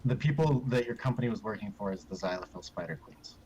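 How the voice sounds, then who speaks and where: A man's voice: lowish voice, expressive, quick pace, darkish tone, muffled recording. A man running a tabletop game who explains the rules and setting in a casual, easygoing way. Faint background noise sits behind his voice. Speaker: game master.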